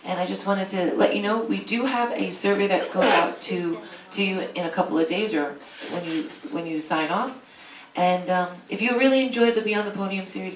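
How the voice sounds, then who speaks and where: A cruise activity manager, a woman, introduces a speaker in a chatty, upbeat way. Her voice sits mid-range. It comes from far off in an echoey hall with faint hiss. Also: medium pitch. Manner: chatty, upbeat, addresses the crowd. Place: large ship lecture hall.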